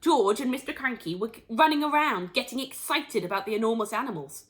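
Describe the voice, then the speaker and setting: A woman teacher reading a storybook aloud to children, expressive and pointing out the pictures as she goes. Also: a little high, brisk. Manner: expressive, shows pictures to listeners.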